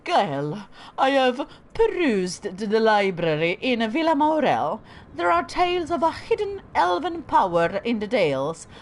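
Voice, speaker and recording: A pompous noble declaims a letter in a stilted, made-up accent, as a woman puts him on. The voice sits higher and louder than her usual talk. The delivery is stiff and theatrical. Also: big pitch swings, measured pace. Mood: declaiming.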